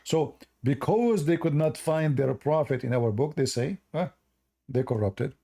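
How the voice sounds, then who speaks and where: A man who is not a hosts a call-in debate, arguing in a sarcastic, emphatic way while his voice is going hoarse. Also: on the high side, animated, moderate pace, warm tone. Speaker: host.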